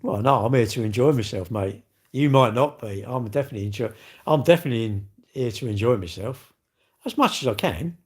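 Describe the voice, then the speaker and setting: A man's voice: medium pitch, animated, brisk, a little mellow, breathy edge. A middle-aged man, hosting a live stream and chatting casually as he reads out viewer comments, in rambling, jokey, self-mocking banter. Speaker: livestream host.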